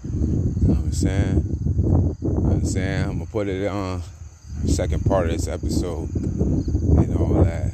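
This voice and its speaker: A man hosting a casual podcast, talking in slang, repeating catchphrases and getting loud and excited. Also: low voice, moderate pace, long pauses, heavy background noise. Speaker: podcast host. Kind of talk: casual hyped-up podcast monologue.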